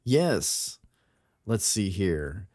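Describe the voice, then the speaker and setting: Male co-host, low voice, dry close mic, reads tales with dramatic character voices. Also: sing-song, extremely slow, darkish tone, no room sound. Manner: reads aloud with theatrical voices for quoted characters. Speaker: podcast co-host. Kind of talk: casual chat and reading a folk tale aloud.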